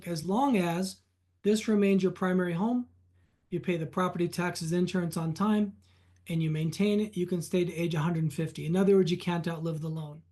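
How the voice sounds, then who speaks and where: A man being interviewed on a podcast as a reverse mortgage specialist, telling client stories in an animated way. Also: high-pitched, normal speed. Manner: animated anecdotes, retelling client conversations.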